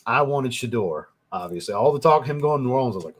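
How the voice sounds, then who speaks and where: A man's voice: medium pitch, expressive, quick pace, hardly any pauses, a bit bright, slightly rough. A young man, hosting a casual livestream and reading viewer comments, rambling and swearing as he gets worked up. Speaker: livestream host, fragrance reviewer.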